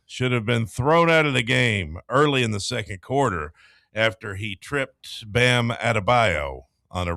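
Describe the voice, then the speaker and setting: A man's voice: lowish voice, sharp tone, dry recording. A man co-hosting a sports radio show, reading the hour's headlines in a studio. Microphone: studio mic.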